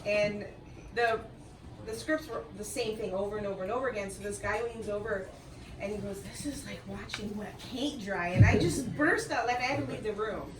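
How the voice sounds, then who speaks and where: A woman's voice: medium pitch, a little fast, noisy background. A young woman from the audience, giggling as she tells a story. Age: young adult. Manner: giggly, chatty. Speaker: audience volunteer. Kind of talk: casual anecdote. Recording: far-off mic in echoey room with loud crowd.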